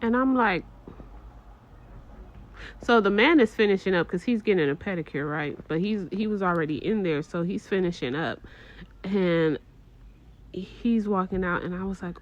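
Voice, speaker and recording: A middle-aged woman telling a casual story to her viewers, animated and swearing, with exaggerated disgust. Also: medium pitch, normal speed, long pauses, rough recording.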